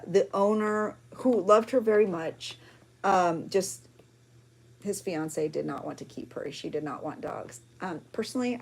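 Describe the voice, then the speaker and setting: A woman hosting a craft journaling vlog, chatty and emotional, rambling with fillers as she shows her pages. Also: mid-range voice. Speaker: junk journaling video host.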